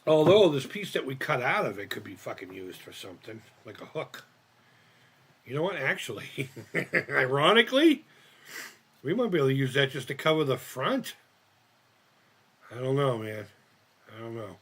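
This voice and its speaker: A man's voice: mid-range voice, big pitch swings, normal speed, pauses often, husky. A man live-streaming as he builds a model kit, rambling and thinking aloud, swearing often and laughing at himself. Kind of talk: casual live-stream chat while crafting.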